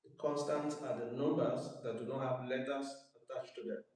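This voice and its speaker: A man's voice: mid-range voice, steady tone, a little mellow. Nigerian man tutoring in an echoey room. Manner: repeats each definition slowly, quizzes the student. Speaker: math tutor. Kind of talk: live math tutorial. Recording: very echoey room, mic far off.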